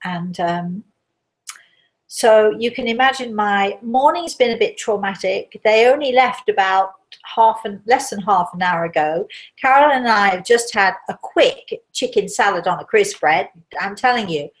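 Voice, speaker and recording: A woman talking casually to her live viewers in a chatty, rambling way. Her pitch sits in an ordinary middle range. She sounds a little out of breath. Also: measured pace. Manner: chatty, rambling, warm storytelling asides. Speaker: host, medium. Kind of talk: casual live-stream chat.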